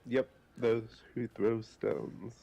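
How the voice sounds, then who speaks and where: A man playing in a tabletop game, talking in a slow, hesitant way. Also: mid-range voice, creaky, warm tone, slightly rough, dull audio. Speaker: player. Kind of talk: casual chat.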